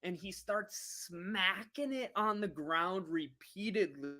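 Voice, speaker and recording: A woman vlogger telling a travel story in a casual livestream, animated and laughing as she talks to her viewers. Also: medium pitch, slow pace, faint music behind.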